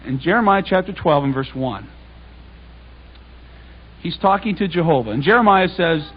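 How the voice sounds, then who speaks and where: A man giving a public Bible talk, reading scripture and then paraphrasing it in lively everyday speech. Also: on the high side, moderate pace, long pauses, slightly rough, dull audio. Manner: conversational, animated, reads scripture aloud and paraphrases it in casual speech. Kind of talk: sermon. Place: congregation hall.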